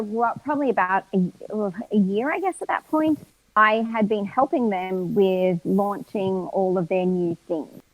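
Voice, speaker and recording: A woman's voice: mid-range voice, no room sound, rough recording. An Australian woman, a voice actor, chatting as a guest and telling anecdotes, acting out other people's lines with laughter. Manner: lively storyteller, acts out quotes, laughs often. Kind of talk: casual live-stream interview.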